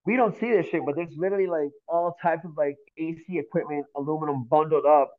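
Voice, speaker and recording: A man from Miami, a podcast guest, telling a story in an animated, profane, slang-filled way. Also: fairly high pitch, fast talker. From Miami, Florida. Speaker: podcast guest, graffiti artist. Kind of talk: casual storytelling. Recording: tinny phone-like audio.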